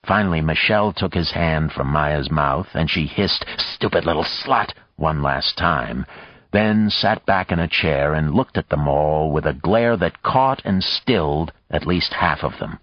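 A man narrating an audiobook in a measured, even storytelling manner. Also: extremely low pitch, dry recording, dull audio. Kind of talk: scripted narration.

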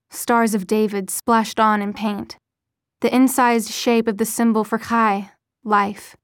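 A woman narrates a novel as a scripted audiobook, her mid-range voice measured and steady. The recording is clean studio sound with no room sound.

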